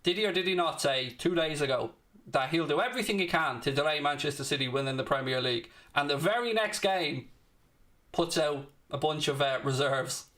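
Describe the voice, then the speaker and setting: A man's voice: fairly high pitch, fairly quick, fairly bright tone. A young man hosting a live football watchalong, commentating on the match and ranting and swearing back at his chat. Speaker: watchalong host.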